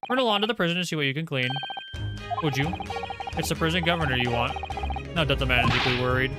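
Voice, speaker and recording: A man voicing a haughty, theatrical detective who speaks in grand, airily dismissive phrases, over loud game music. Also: fairly high pitch, quick pace, natural voice. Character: haughty, theatrical male detective, middle-aged.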